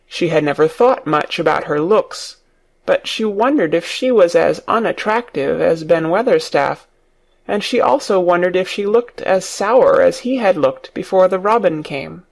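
A man reading an audiobook story aloud for English learners, in a slow, clear narrating manner. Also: high-pitched, animated.

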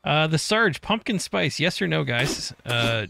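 A man's voice: fairly high pitch, very animated, measured pace, vocal fry, background noise. A man streaming a co-op survival game, joking crudely with his partner and reading viewer chat aloud. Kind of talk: casual co-op gameplay chat.

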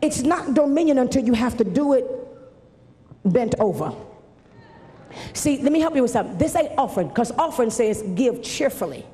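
A woman's voice: on the high side, lively intonation, normal speed, long pauses, dark tone. Fervent woman preaching in a reverberant church. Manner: fervent, repetitive preaching cadence. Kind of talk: sermon. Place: large church at a live camp meeting. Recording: reverberant church hall with faint noise.

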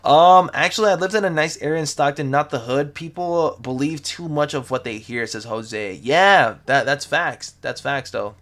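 A man's voice: fairly high pitch, moderate pace, few pauses, fairly bright tone. A young man hosting a livestream, chatting casually and reading out viewer comments in a laid-back, slangy way, often repeating himself. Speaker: sneaker livestream host. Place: home, lives in the city.

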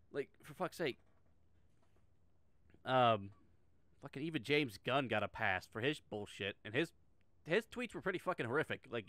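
A man's voice: medium pitch, a bit bright, no echo. A middle-aged man giving a sarcastic, heavily profane reaction commentary, often restarting his sentences. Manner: sarcastic, swears a lot, frequent restarts.

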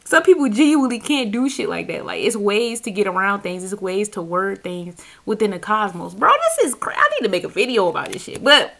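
A woman's voice: medium pitch, sing-song, fairly quick, vocal fry, few pauses, pushed and bright. A woman reading tarot in a casual, profane chat to camera, laughing often as she talks. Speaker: tarot reader. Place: seated indoors on a squeaky chair.

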